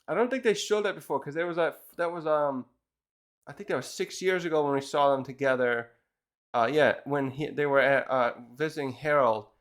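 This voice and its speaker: A man's voice: a little high, a little fast. A man casually reviewing a manga chapter, retelling it in a rambling way with many restarts.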